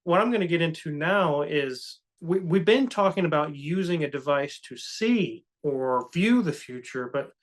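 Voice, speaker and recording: A man's voice: a little high, lively intonation, normal speed, hardly any pauses. A man co-hosting a podcast, talking in an earnest, cautious, reflective way in casual chat. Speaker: co-host.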